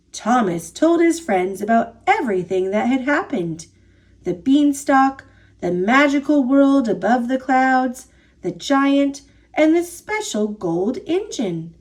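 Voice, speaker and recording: This is a woman narrating a children's picture book with a bright, high voice. Her storybook delivery is expressive and unhurried, with each phrase lingering slowly.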